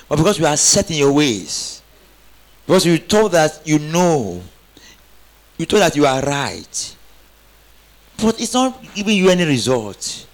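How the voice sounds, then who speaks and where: A man preaching a sermon, calling on the congregation to answer back and rising into emphatic exclamations. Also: a little high. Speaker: pastor.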